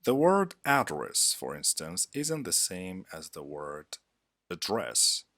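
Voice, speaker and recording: A male teacher reads a scripted lesson in a very deep yet bright voice. His pitch moves in a lively way, and his delivery stays measured and deliberate. The sound is dry and close. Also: no room sound. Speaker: English teacher.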